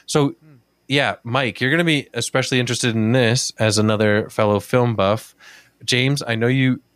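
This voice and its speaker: A man's voice: mid-range voice, fairly even intonation, normal speed, a bit bright, no room sound, studio quality. A man co-hosting a casual talk podcast, telling a story in a chatty way, swearing freely and filling with "like". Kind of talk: casual chat.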